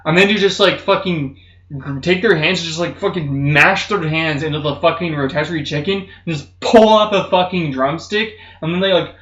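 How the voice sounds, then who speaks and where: A young man streaming, telling rambling comedic stories in casual chat, swearing constantly and saying "dude" a lot. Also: moderate pace. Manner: does loud high-pitched mocking voices in stories. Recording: roomy, slightly muffled stream audio.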